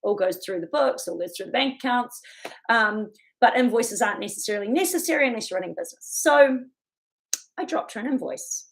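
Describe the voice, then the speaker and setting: A woman's voice: fairly high pitch, lively intonation, fairly quick. A woman giving a chatty motivational talk, laughing often as she goes. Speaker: self-help speaker.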